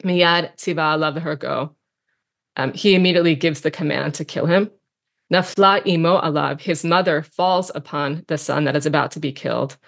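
A woman teaching a text study lesson, reading passages aloud and translating them line by line, then musing on them with fillers. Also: low-pitched.

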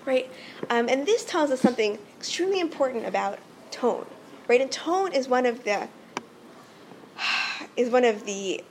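A woman's voice: high-pitched, animated, measured pace, long pauses, slight background noise. A woman teaching a religious text, earnest and explanatory, often checking in with "right?".

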